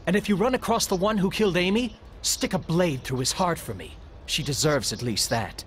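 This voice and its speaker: An actor voicing an earnest, dutiful young village militiaman in a video game, sincere and warm-hearted. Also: fairly high pitch, expressive, moderate pace, slight background noise, lightly acted.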